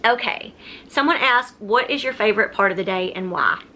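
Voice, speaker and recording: A woman's voice: medium pitch, normal speed, pushed and bright. A woman talks casually in a Q&A vlog from home. She rambles, often stops and restarts her sentences, and addresses viewers directly. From Texas. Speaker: vlogger.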